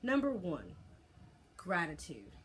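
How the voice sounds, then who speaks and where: A harried young boy hero who yells his commands, then pleads and reasons when they fail, as a woman reading a storybook aloud puts him on. The voice sits low but pushes up and gets loud in his outbursts. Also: wildly swooping pitch, slow pace, exaggerated voice. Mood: frustrated.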